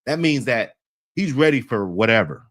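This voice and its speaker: A man spins a loose, rambling story in thick street slang, circling back with fillers and breaking into laughter along the way. His voice sits at an ordinary middle pitch. It is recorded dry, with no room sound around it. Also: lively intonation, moderate pace, fairly bright tone, dry recording. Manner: slangy, rambling, laughs often while telling. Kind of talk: casual storytelling.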